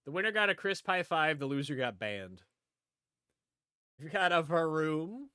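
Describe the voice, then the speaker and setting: A man's voice: a little high, very animated, measured pace, bright, forceful tone, clear, resonant tone, no echo, studio quality. A man streaming live, chatting casually and rambling as he talks to viewers, repeating himself often. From upstate New York.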